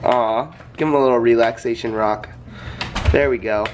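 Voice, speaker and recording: A man's voice: mid-range voice, steady tone, moderate pace. A man chatting casually and playfully to the camera while vlogging his family beach trip. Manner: playful, chatty, laughs often. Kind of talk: casual vlog chat. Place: beach house and beach, outdoors. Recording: noisy outdoor recording.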